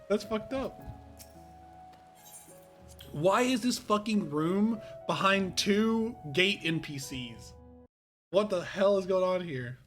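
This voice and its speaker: Male streamer, casual live reaction, excitable and profane, voice on the high side. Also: takes it slowly, pauses often, faint music behind. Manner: excitable, swears, laughs often.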